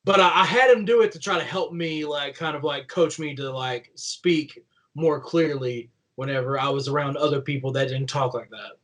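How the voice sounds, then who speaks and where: A young man with a Kentucky country twang chats as an interview guest, his voice sitting a little high for a man. He rambles through his stories with plenty of "like" and laughs as he goes. His talk stays loose and conversational. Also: normal speed, a bit bright, rough recording. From Kentucky, USA. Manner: rambling and chatty, full of "like", laughing while telling stories. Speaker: guest, professional wrestler. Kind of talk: casual interview chat.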